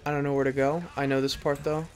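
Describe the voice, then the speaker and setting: A man's voice: medium pitch, flat delivery, quick pace. A young man playing a horror game at home, commentating in a frantic, profane way and repeating panicked phrases over and over. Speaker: gamer. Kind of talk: let's play commentary. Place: bedroom at home.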